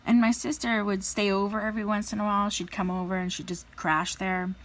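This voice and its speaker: A woman's voice: mid-range voice, level tone, a little fast. A woman in her thirties, a crafting vlogger, chatting casually and telling stories with plenty of fillers and playful voices for quotes. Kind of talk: casual storytelling chat.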